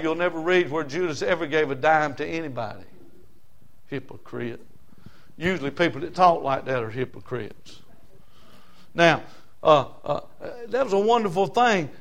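Folksy high-voiced preacher. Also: male voice, a bit bright. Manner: folksy, humorous, emphatic, with frequent uh fillers. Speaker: pastor. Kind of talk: sermon. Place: church before a congregation.

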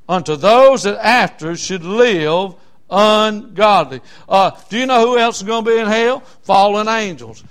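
Fervent high-voiced preacher. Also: male voice, a bit bright, clear, resonant tone. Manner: fervent, repetitive, many fillers. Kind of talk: sermon.

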